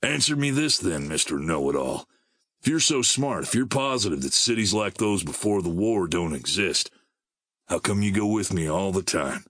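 Sheepish young male drifter, mild and subdued, low, dry and close , read by a male narrator. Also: expressive, moderate pace, fairly bright tone, breathy edge, dry recording, heavily acted.

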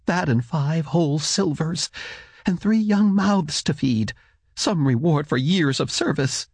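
A man's voice: fairly high pitch, expressive, a little slow, darkish tone, slightly rough, no echo, voice pushed up, exaggerated voice. A man reading an audiobook, voicing a worn, bitter mother in a raised, clipped voice. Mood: scornful. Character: worn, bitter poor mother, middle-aged woman. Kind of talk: audiobook character voice.

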